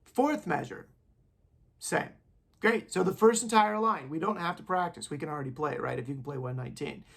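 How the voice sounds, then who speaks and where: Recording himself on his phone, a music teacher with a fairly high, brisk, gravelly and fairly bright voice gives an online band lesson. He chants the counting syllables to teach rhythms, keeping things casual and encouraging.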